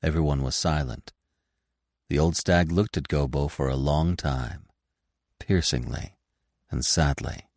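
A man narrating a classic animal story in an expressive, deliberate reading. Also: a bass voice, creaky, no room sound, studio quality. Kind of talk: scripted audiobook narration.

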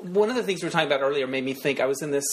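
A man hosting a casual podcast conversation, chatty and quick to react, on a studio mic. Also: fairly high pitch, animated, slight background noise. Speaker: podcast host.

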